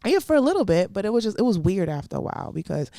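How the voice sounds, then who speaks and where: A young adult woman comedian telling stories in a casual podcast chat, animated and slangy, laughing often. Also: mid-range voice, rapid-fire, vocal fry, no room sound, studio quality. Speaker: comedian guest.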